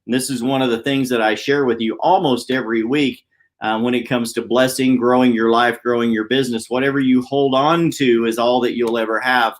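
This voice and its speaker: A man hosting a weekly motivational live stream from a downtown office, talking fast and chatty. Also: medium pitch, fairly even intonation. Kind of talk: casual live-stream talk.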